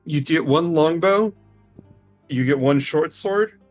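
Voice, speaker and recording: A man running a tabletop game as game master, narrating loosely with many ums and pauses. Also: on the high side, faint music behind. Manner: loose, hesitant, lots of ums.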